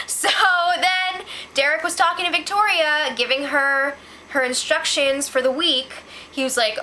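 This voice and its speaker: A young woman hosting a casual reality show spoiler recap, chatty and gossipy with quick asides. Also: high-pitched, sharp tone, a little hiss or hum.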